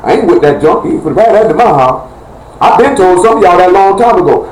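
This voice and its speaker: A man's voice: sits high, lively intonation, fast, darkish tone. A man preaching a fiery live-streamed sermon in a heated, blunt and rambling colloquial way. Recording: echoey room with faint noise.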